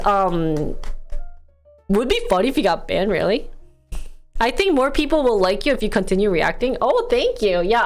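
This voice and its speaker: Chatty giggly Wisconsin-accented woman streamer. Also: medium pitch. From United States. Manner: chatty, giggly, reads and answers chat. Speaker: live streamer. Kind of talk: casual live-stream chat with viewers. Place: her home.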